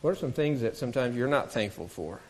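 A man's voice: medium pitch, lively intonation, fast talker. A man telling a Bible story to children, asking them questions and acting out the voices in the story.

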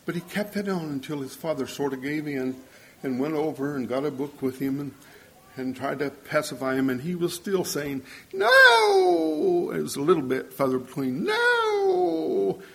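A man's voice: mid-range voice, fairly quick. An older man preaching a sermon, earnest and storytelling, acting out the voices of people in his stories.

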